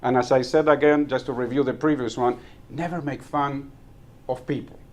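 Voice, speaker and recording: A man's voice: medium pitch, fairly even intonation, moderate pace. A man giving a humorous club speech, telling anecdotes, acting out the dialogue and chuckling at his own jokes. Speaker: club member giving a talk. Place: meeting room.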